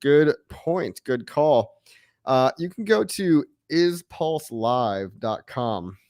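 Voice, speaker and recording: A man's voice: mid-range voice, lively intonation, slow, a little mellow, dry recording, studio quality. A man hosting a casual livestream, reading viewer chat in a loose, chatty way, often saying "guys" and chuckling.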